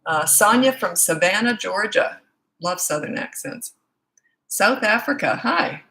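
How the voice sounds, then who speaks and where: A woman's voice: mid-range voice, expressive, unhurried, creaky, pushed and bright, poor audio. A woman with a Canadian accent, a parenting coach, chatting frankly with viewers on a live-stream Q&A and greeting them by where they are. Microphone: own set-up microphone.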